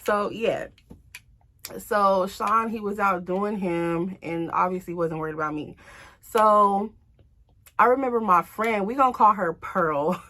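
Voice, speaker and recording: A woman's voice: mid-range voice, slow pace, pauses often, bright, forceful tone. A woman in her twenties telling a personal story to camera in a casual, blunt way, with frequent swearing. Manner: chatty, blunt, swears freely. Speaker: storytime vlogger.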